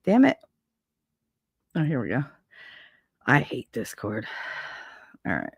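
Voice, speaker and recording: A woman's voice: a bass voice, huge pitch swings, slow pace, vocal fry, slightly rough, no echo, clean studio sound. A woman hosting a casual livestream from a home setup on a desk microphone. She rambles in loose, stream-of-consciousness chat, swears freely and laughs often. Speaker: livestream host.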